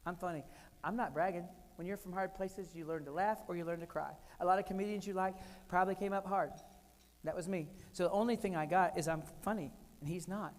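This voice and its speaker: An older American keynote speaker talks fairly quickly, his high voice keeping fairly even intonation. In an echoey hall, he tells funny stories from his own life using short, punchy phrases.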